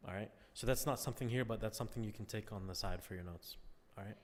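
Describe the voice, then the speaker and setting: A man's voice: on the low side, fast talker. A man teaching a class in a conversational lecture, often checking in with his listeners. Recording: long reverb.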